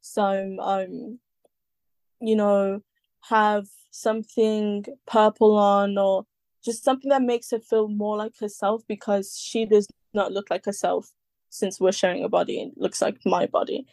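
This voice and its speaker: A woman's voice: mid-range voice, fairly even intonation, unhurried, darkish tone, no echo. A woman talking as a podcast guest in casual chat, rambling with many fillers and the odd swear word.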